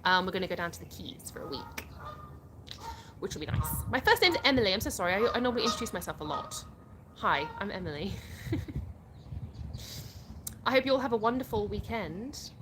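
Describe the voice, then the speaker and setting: A woman's voice: medium pitch, lively intonation, brisk, long pauses, noisy background. A young English woman from England hosting a casual livestream on her phone outdoors, chatting and reading viewer comments aloud with easy laughter. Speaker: livestream host.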